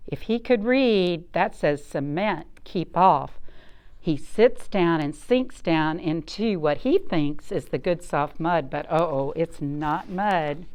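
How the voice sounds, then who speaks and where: Librarian lady reading to kids, slow and bouncy, lots of questions. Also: sits low, smooth. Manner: animated, asks the listeners questions. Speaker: children's librarian. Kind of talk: children's storytime reading.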